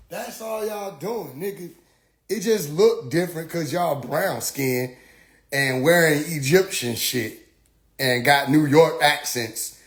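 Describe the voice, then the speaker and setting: A man telling a comedic story in blunt, profane, rapid-fire street talk. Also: fairly high pitch.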